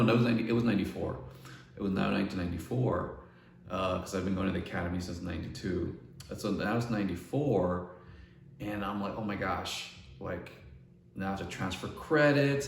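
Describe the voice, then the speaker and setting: Middle-aged man, gravelly low voice, rambling storyteller, roomy far-off mic. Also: a little hiss or hum. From Northern California. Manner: rambling, restarts, quotes others in dialogue. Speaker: artist vlogger. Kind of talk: casual storytelling. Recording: echoey room, mic at a distance, faint ambience.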